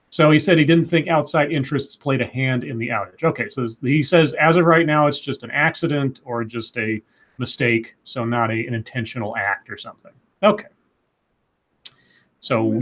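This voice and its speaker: A man's voice: mid-range voice, fairly bright tone. A man hosting a casual podcast, reading news stories aloud and adding sarcastic asides. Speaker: podcast host.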